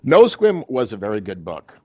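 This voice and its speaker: A man's voice: fairly low pitch, huge pitch swings, moderate pace, mellow, no echo. A man hosting a podcast in casual chat, rambling with many restarts and fillers. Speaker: podcast host.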